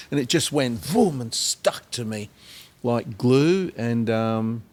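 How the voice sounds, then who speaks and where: An Australian man, a singer-songwriter guest, telling rambling anecdotes with many pauses and acted-out quotes. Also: mid-range voice. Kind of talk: storytelling in a podcast interview.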